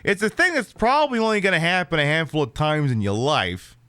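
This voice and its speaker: Male streamer, casual let's-play talk, sarcastic and rambling, a touch high, very animated pitch. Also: brisk, no echo. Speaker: streamer playing a horror game.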